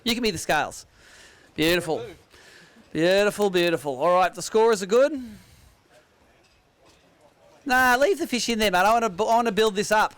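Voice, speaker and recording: A man's voice: high voice, animated, brisk, long pauses, a bit bright. An Australian man hosting a fishing tournament weigh-in outdoors, joking and chatting matily with anglers as he reads out weights. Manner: jokey, matey, upbeat announcing. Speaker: weigh-in host. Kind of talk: casual tournament weigh-in banter.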